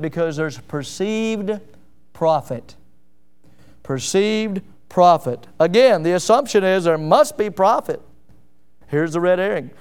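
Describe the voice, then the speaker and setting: A preacher with a notably high, clean, resonant voice delivers a sermon. He drives his points home with emphatic repetition and keeps throwing rhetorical questions to his listeners. His tone stays clear and smooth throughout.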